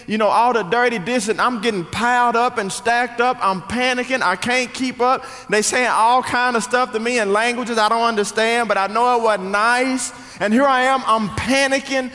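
A man, preaching an animated storytelling sermon to his congregation. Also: high-pitched. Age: 40s. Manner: animated, acts out quotes, speaks to the crowd. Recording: hall reverb.

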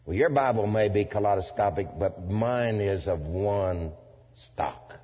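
A man preaching a sermon to a congregation, swinging from loud declaiming to low asides, with folksy turns of phrase. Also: unhurried. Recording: dull lo-fi sound in a reverberant hall.

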